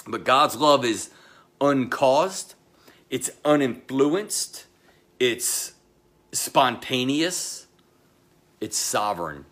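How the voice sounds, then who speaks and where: A middle-aged man, the pastor, delivering a sermon in a slow, emphatic way, pausing often and dropping to a low voice, with chatty asides to the congregation. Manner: slow, emphatic delivery with pauses and sudden drops to a quiet voice.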